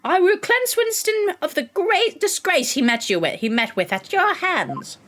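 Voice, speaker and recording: Woman playing a pompous male prosecutor, smug, drawn-out haughty lines, lively pitch. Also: slight background noise, exaggerated voice.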